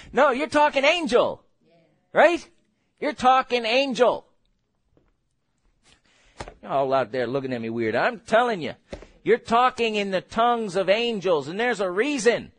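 A man preaching a sermon in a lively, conversational way, asking the congregation questions and laughing between points. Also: extremely high pitch.

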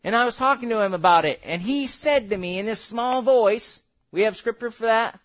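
A man preaching a sermon, animated, acting out voices and laughing as he goes. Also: high voice, moderate pace. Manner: animated, acts out quotes, laughs.

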